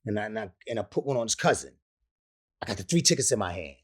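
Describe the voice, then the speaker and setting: Speaking fast with lively intonation and a breathy edge to his lowish voice, a man in his fifties who raps recounts a lengthy story during an interview. He uses slang freely and voices the other characters when quoting them.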